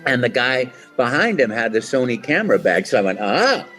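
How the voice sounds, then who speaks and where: Voice actor guy telling stories in an interview, animated, does little voices, average pitch, faint music behind. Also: brisk. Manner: animated, acts out voices in anecdotes. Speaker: voice actor guest. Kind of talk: casual interview storytelling.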